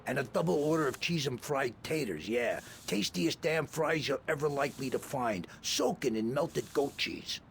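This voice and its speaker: An actor playing a gruff, stubborn male detective on a stakeout in a video game, deadpan and clipped. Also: medium pitch, normal speed, hardly any pauses, a little hiss or hum. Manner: deadpan, clipped, flares into anger. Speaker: game character.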